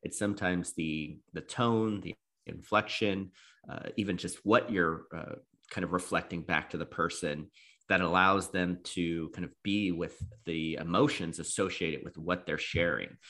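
Deep-voiced man explaining earnestly. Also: steady tone, unhurried, bright, forceful tone. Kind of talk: casual discussion.

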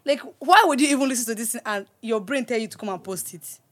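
A woman hosting a podcast, chatting casually and telling stories with lively laughs. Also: fairly high pitch, fast talker. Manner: animated storytelling, laughs often. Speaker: podcast host. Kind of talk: casual chat.

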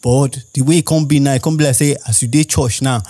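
A man's voice: medium pitch, steady tone, quick pace, hardly any pauses, mellow. A young Nigerian man with a Nigerian accent, rambling through a casual monologue as a podcast host and firing off rhetorical questions.

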